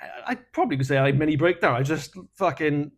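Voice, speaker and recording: A man's voice: a little high, expressive, fast talker. Sweary Welsh man telling stories. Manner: frank, sweary, laughs at his own dark humour. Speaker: podcast co-host. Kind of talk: casual storytelling chat.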